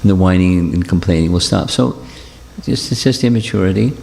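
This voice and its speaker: A low, gravelly man teaches at a devotional gathering, circling back over his points in a gentle, reassuring way. His mellow voice rings with the long reverb of a big hall. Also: fairly quick. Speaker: spiritual teacher. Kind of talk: devotional talk with questions.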